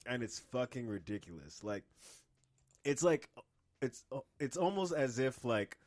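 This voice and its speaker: A man's voice: mid-range voice, very animated, darkish tone. A man co-hosting a podcast, an amateur comedian talking in a profane, emphatic and casual way. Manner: profane, emphatic, quick to laugh.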